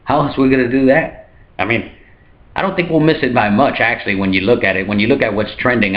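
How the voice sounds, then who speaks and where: Deadpan man hosting a satirical news rundown. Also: highs cut off. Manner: deadpan jokes broken by sudden high mock voices. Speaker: comedy news show host. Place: hotel room.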